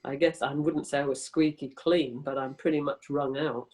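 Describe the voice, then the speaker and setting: A woman's voice: low voice, fairly even intonation, moderate pace, a little mellow, rough recording. A woman in her sixties, a guest speaking casually over a video call, frank and rambling, swearing freely. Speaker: interview guest.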